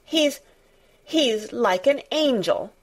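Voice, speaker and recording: A woman acting out a stubborn storybook girl with a quick temper, blunt and sour. She speaks slowly but sharply, refusing to back down. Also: on the high side, lively intonation, voice pushed up, full character voice. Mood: fierce. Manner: sharp, obstinate, unsympathetic.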